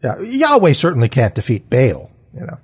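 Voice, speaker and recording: A man's voice: medium pitch, huge pitch swings, moderate pace, breathy edge. A man co-hosting a casual Bible discussion, reading scripture aloud expressively and commenting on it.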